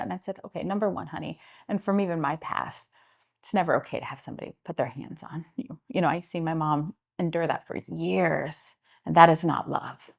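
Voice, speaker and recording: A middle-aged woman with a Midwestern American accent, speaking in a fairly low voice. She tells stories earnestly as an interview guest and acts out the people she quotes. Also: fairly quick, gravelly, breathy edge. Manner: earnest, animated retelling with acted-out quotes. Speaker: guest, homeless services director. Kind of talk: interview storytelling.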